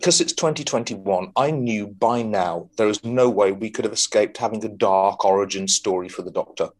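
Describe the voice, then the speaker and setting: In a lowish voice at a moderate pace, a podcast co-host chats casually about a TV episode for a film review discussion. His talk rambles, with plenty of ums, restarts and swearing.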